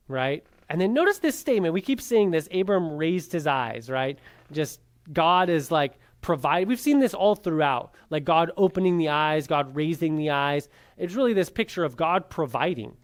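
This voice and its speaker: A Bible class teacher speaks at an ordinary middle pitch in a loose, conversational way. The talk is full of fillers and quick tag questions. Rhetorical questions go to the class and get answered straight away. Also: expressive. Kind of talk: informal classroom lecture.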